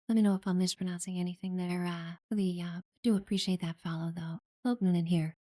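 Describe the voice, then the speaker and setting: This lowish-voiced woman talks fast with hardly any pauses while streaming live gameplay, chatting casually about her community. Friendly and filler-heavy, she thanks new followers warmly. The sound is studio quality with no echo.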